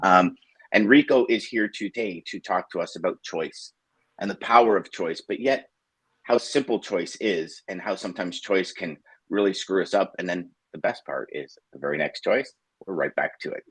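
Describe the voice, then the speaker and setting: A man co-hosting a casual morning show over a video call, animated and laughing as he rambles through stories. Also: low voice, normal speed, breathy edge, dry recording. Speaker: co-host.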